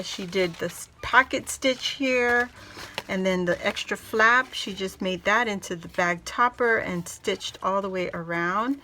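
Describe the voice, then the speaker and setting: A woman hosting a casual crafting vlog, gushing and excitable as she shows off a handmade gift and talks to her viewers. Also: medium pitch, measured pace, background noise. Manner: gushing, excitable, squeals and laughs often; addresses viewers as "guys". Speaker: crafting video host.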